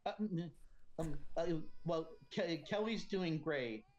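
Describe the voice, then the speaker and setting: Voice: medium pitch, expressive, slow pace, darkish tone, lo-fi sound. A player voicing a shy teenage boy who stammers and hesitates a lot. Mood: awkward.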